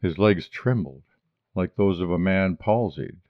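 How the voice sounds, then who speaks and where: Deep slow male storybook narrator. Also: dry recording, highs cut off. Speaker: audiobook reader. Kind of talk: scripted narration of a short story.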